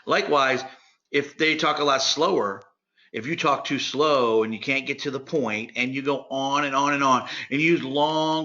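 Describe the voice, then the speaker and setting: A man giving a sales training talk, direct and energetic, speaking to his listeners like friends. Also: on the high side, moderate pace, dull audio. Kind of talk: instructional talk.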